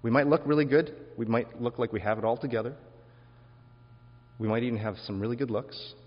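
A male pastor delivers a sermon in a reflective, conversational manner, putting rhetorical questions to his congregation. His voice is medium in pitch, steady in tone, and fairly quick. The lo-fi recording sounds dull, with a long hall reverb.

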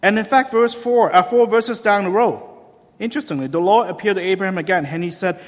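A man preaching a sermon, telling the story with lively, animated delivery and acting out quoted voices. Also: high voice, fairly quick, long reverb tail. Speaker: pastor.

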